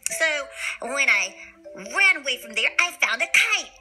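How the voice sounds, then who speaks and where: A woman tells a children's bedtime story with a high, very bright voice. She reads playfully, full of animated sound effects, with soft music underneath. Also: measured pace, low-quality recording. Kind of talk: expressive children's story reading.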